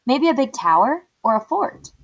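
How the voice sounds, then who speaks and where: A woman reading aloud, voicing a soft, earnest, slightly timid little boy who loves bugs. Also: high voice, very animated, moderate pace, pitched above the performer's own voice, heavily acted. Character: gentle, bug-loving little boy.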